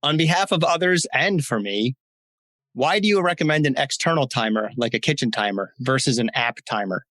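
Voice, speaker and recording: A man's voice: medium pitch, lively intonation, brisk, fairly bright tone, no echo. A man as a podcast guest, explaining ideas casually and acting out inner voices. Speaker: guest coach. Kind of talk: casual advice chat.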